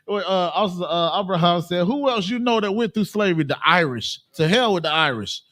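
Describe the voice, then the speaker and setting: A man's voice: high-pitched, a little fast. Emphatic man leading a religious class. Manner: animated, emphatic, acts out quoted voices. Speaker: class leader. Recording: live-streamed group class.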